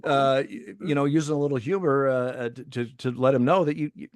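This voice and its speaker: Umpire guy chatting, keeps repeating words, dry close mic, middle pitch voice. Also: no room sound. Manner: halting, repeats words while finding his point. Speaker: baseball umpire. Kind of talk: casual storytelling chat.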